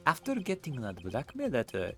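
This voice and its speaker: A man's voice: medium pitch, wildly swooping pitch, moderate pace, soft background music, pitched above the performer's own voice. A man doing a smug prosecutor with a put-on French accent. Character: cool, smug coffee-loving prosecutor, man.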